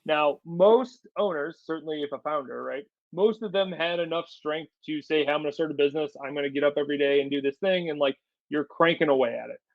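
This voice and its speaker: A man with a somewhat high voice talks with energy as a podcast guest, repeating words to stress his points. The sound is dry and a little dull, with no room around it. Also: a little fast, gravelly, dry recording. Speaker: podcast guest, company storyteller. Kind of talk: casual business interview.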